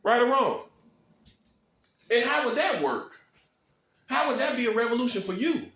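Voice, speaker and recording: A man with a high voice preaches straight to camera, firing one rhetorical question after another. He hammers each point with a short "boom" and chuckles at his own lines. The sound bounces around a bare, echoey apartment room. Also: sing-song, a bit bright. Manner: rhetorical, fast-talking, punctuates points with "boom". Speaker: self-styled prophet.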